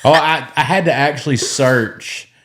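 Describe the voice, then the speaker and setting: A man's voice: a little high, measured pace, a bit bright. A man hosting a podcast, chatting casually in a blunt, teasing, joking way. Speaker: podcast host. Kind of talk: casual interview chat.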